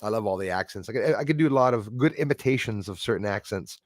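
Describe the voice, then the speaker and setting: A man's voice: fairly low pitch, animated, fast, dry recording, studio quality. A man from Montreal, hosting a live stream and casually thanking his viewers as he signs off, switching between French and English. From Montreal, Canada.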